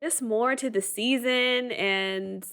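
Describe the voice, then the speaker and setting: A woman co-hosting a casual reality-TV reaction chat. She talks in an animated, chatty way, laughs often, and leans on "like" and "um". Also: fairly high pitch, slow pace, clear, resonant tone. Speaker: co-host.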